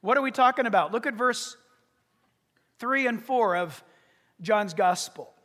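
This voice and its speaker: A man with a strikingly high voice preaches a sermon, driving each point home with emphasis. He poses rhetorical questions and works through numbered arguments. His voice rings with the long reverb of a large hall. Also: animated, a little slow, bright, forceful tone. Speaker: pastor.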